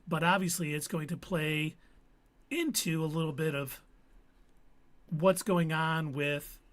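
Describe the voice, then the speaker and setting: A man's voice: on the high side, slow. A man hosting a live stream, casually recapping a TV episode and acting out quotes from the characters. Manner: animated storytelling with acted quotes. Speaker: podcast host.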